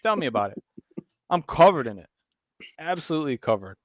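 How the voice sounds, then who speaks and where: A man hosting a podcast, telling stories in casual chat, animated and profane, acting out what people said. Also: fairly high pitch, a little fast, no echo, lo-fi sound. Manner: animated storyteller, swears a lot, acts out quotes. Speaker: podcast host.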